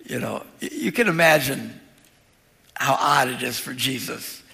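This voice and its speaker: A man's voice: medium pitch, measured pace, gravelly, sharp tone. A man preaching a sermon as pastor, talking in a conversational way with humorous asides. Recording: long reverb of a large hall.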